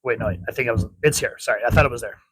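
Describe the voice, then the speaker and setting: A man's voice: mid-range voice, very fast, a bit bright, slightly rough, no room sound, low-quality recording. A man giving a casual comic book review, chatty and rambling, often correcting himself.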